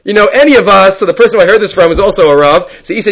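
A man teaching a Talmud class, reading Hebrew and Aramaic passages aloud and explaining them in English with animated storytelling. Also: high-pitched, very fast, poor audio. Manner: animated storyteller, many restarts.

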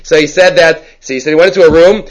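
A man teaching a Talmud class, reading Hebrew and Aramaic passages aloud and explaining them in English with animated storytelling. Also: on the high side, quick pace, rough recording. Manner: animated storyteller, many restarts.

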